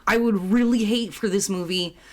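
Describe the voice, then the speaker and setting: A woman's voice: medium pitch, darkish tone. A woman co-hosting a movie review show, blunt and opinionated in casual chat. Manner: blunt, opinionated, quick backchannels. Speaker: movie review podcast co-host.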